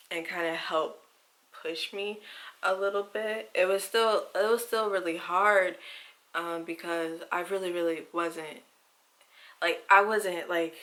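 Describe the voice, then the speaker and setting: Soft-spoken young woman, bright tone. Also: on the low side. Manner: soft, halting, emotional retelling with many fillers. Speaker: vlogger. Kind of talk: personal storytelling vlog.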